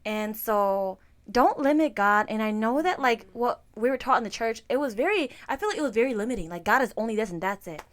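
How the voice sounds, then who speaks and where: A woman co-hosting a casual podcast, speaking candidly and expressively. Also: fairly high pitch. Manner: expressive, quick affirmations, candid. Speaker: podcast co-host.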